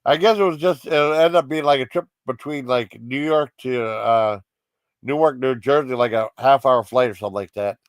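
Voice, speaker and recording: A man's voice: medium pitch, moderate pace, clear, resonant tone, dry recording. Rambling, giggly man reviewing comedy. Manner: rambling, with many fillers and giggly asides. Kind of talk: casual chat.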